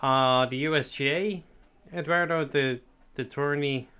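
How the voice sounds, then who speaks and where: A man's voice: mid-range voice, fairly even intonation, unhurried, sharp tone, clear, resonant tone. A man with an Irish accent chatting casually to his live chat, rambling and swearing freely, sometimes eating sweets as he talks. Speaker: streamer.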